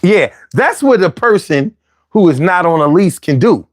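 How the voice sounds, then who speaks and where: A man's voice: high voice, very animated, moderate pace, no echo, studio quality. A man with a Philadelphia accent hosting his own show, giving casual, slangy advice with jokey asides. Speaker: host.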